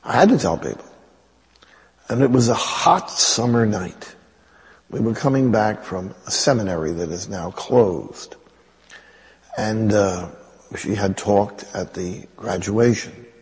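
A man's voice: fairly low pitch, takes it slowly, pauses often, big-room sound. A man, a priest, telling a wry personal story in a conversational homily.

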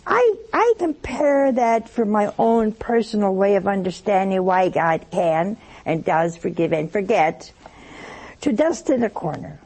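Gravelly older woman telling a folksy sermon. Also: medium pitch, animated, unhurried, darkish tone. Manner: folksy, chatty, acts out dialogue in different voices. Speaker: religious speaker. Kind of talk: storytelling sermon.

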